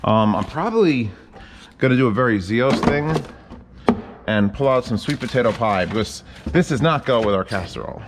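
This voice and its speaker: A man's voice: medium pitch, animated, normal speed, in a large hall, background noise. A man cooking in his home kitchen, chatting in a rambling, casual way and swearing freely. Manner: rambling, profane, chatty asides. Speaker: home cook vlogger.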